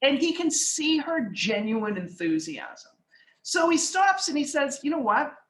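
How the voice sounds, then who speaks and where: Telling chatty stories as a guest who is an author and investor, a woman acts out conversations and fills her speech with fillers. She speaks a little slowly in a high, sing-song voice, recorded poorly in an echoey room.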